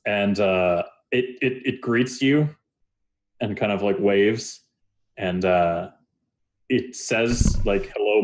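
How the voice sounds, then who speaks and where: A man with a deep, low-pitched voice narrates a tabletop game as its game master. He talks in a halting way, filling his sentences with fillers and restarts.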